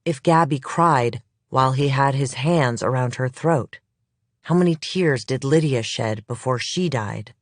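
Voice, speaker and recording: An audiobook narrator reading a crime thriller in measured, even storytelling, close to the mic. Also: medium pitch, dry recording. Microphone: close studio mic.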